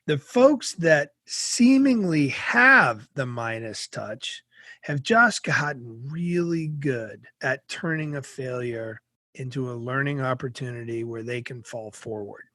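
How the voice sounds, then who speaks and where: A man's voice: mid-range voice, slow pace, no room sound, clean studio sound. A middle-aged man from Massachusetts telling a vivid personal story as an interview guest. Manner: vivid, anecdotal, expressive.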